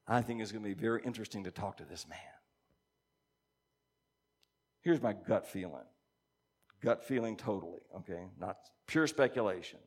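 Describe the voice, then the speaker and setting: A man's voice: on the low side, moderate pace, long pauses. Man giving a conversational sermon. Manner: animated, musing aloud, reads scripture aloud. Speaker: pastor or Bible teacher.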